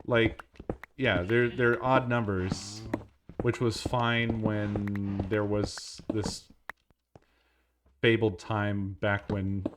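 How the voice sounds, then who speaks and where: A man's voice: lowish voice, little pitch movement, extremely slow, pauses often, music in the background. A man streaming a game, chatting casually, laughing often, swearing and rambling. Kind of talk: casual gameplay stream chat.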